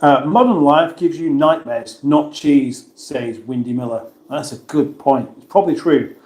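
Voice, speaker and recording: A man's voice: medium pitch, unhurried, a little mellow, echoey room. A man hosting a casual livestream, reading viewers' comments aloud and answering them in a chatty, self-mocking way. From England. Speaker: livestream host reading chat.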